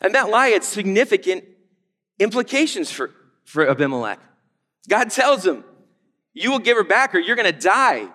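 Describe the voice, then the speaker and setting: A man in his thirties preaching a sermon in a casual, conversational way, with lively asides. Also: sits high, moderate pace, pauses often, in a large hall. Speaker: pastor.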